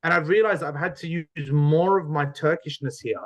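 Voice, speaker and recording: A young man with a London accent, co-hosting a casual podcast chat and lively in how he tells things. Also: fairly high pitch, a little fast. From London, England. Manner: animated, often acts out quoted voices. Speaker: podcast co-host.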